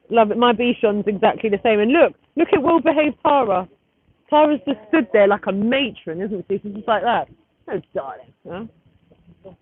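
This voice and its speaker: Outdoors at a street gathering, a livestreamer in her thirties talks casually through her phone camera, wandering between topics and stopping to fiddle with the device. Her voice sits on the high side with a slight roughness, captured as tinny, faintly noisy phone audio.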